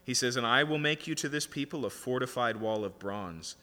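A preacher's brisk, mid-range voice with a sharp edge fills a large hall as he reads from scripture and explains it. He keeps the Bible teaching conversational, tossing in "right?" again and again.

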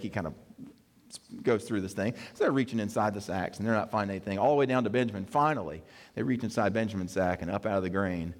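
A man preaching a sermon, telling the story in a lively way and acting out the quoted characters with playful asides. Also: lowish voice. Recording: long reverb of a hall.

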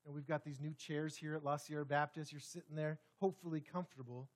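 Man, pastor, preaching a sermon, high voice, dramatic loud-to-hushed delivery, church. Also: steady tone, fast. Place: church sanctuary.

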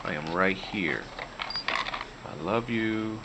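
A man softly and repeatedly reassuring a newborn, recorded on home video. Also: deep voice, slow pace. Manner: soft, repetitive reassurance. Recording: noisy handheld home video.

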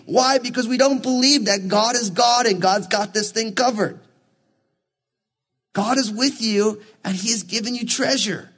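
A man's voice: high-pitched, expressive, moderate pace, fairly bright tone. A male pastor preaching a sermon, reading scripture and acting out the quoted lines with animation.

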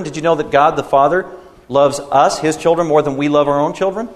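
A man preaching a sermon as a pastor, emphatic and building in intensity at times. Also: fairly high pitch. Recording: long hall reverb.

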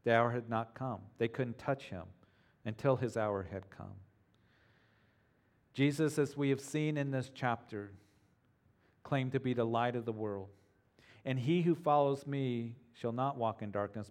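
A man preaching a sermon to his congregation, earnest and emphatic, slowing down to repeat key phrases. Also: mid-range voice. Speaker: pastor.

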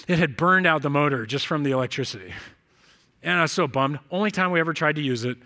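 High, bright-voiced male pastor preaching. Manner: conversational, storytelling with quick acted-out dialogue. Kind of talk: sermon. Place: church.

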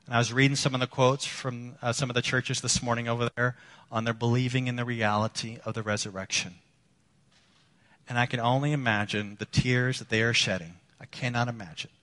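A man preaching a sermon as a pastor, earnest, moving between emphatic lines and hushed ones. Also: medium pitch, fairly even intonation, a little fast. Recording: long hall reverb.

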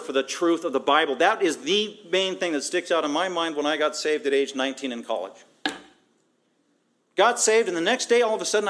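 A middle-aged pastor preaching with a voice pitched a touch high. He talks in an emphatic, conversational way and stacks one phrase after another to drive a point home. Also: fairly bright tone. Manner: conversational, breaks into acted quotes. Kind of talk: sermon.

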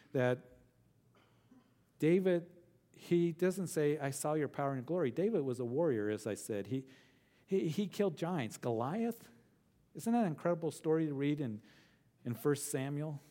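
A man's voice: medium pitch, mellow. Earnest man preaching a Bible study. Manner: earnest, repeats phrases for emphasis, slows on key words. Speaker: pastor. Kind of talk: verse-by-verse Bible teaching sermon.

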